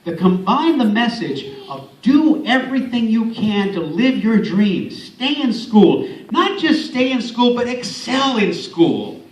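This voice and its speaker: A man's voice: extremely high pitch, big pitch swings, unhurried, few pauses, a little hiss or hum. A man from San Antonio giving a motivational speech and telling stories with playful asides to the audience. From San Antonio, Texas. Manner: warm storytelling with playful asides. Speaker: speaker, former radio host and voice actor. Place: large hall at an event. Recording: echoey hall from far off, faint ambience.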